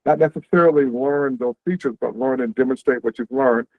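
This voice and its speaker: A man hosting an info session on a video call, explaining career paths quickly and conversationally, checking in with "right?". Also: mid-range voice, no room sound. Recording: tinny, phone-like dry audio.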